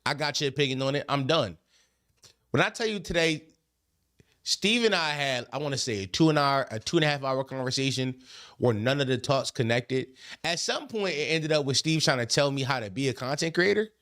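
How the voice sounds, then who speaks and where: A man hosting a podcast, telling stories in a casual, animated, profane way, often repeating himself. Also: mid-range voice, fairly quick. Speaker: podcast host. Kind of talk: casual storytelling chat.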